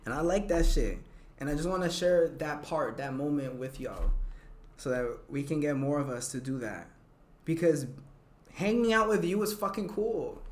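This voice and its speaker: A woman's voice: deep voice, moderate pace. A woman hosting her own podcast in a casual, profane, blunt monologue, dropping Spanish phrases between English lines. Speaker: podcast host. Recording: roomy echoey room.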